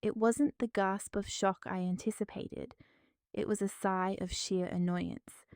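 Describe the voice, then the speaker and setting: A woman's voice: mid-range voice, steady tone, measured pace, darkish tone, clear, resonant tone, no room sound. A woman narrating a dramatic first-person story in a tense storytelling manner, recorded close.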